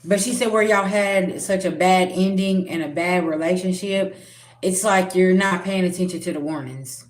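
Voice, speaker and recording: A woman's voice: on the low side, moderate pace. A woman giving a spiritual reading straight to the viewer, earnest and direct. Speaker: spiritual reader. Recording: roomy echo.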